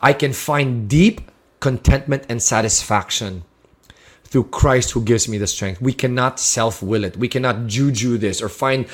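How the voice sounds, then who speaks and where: A man's voice: mid-range voice, unhurried. A man preaching a sermon, sharing a personal testimony in an earnest, heartfelt way with frequent restarts.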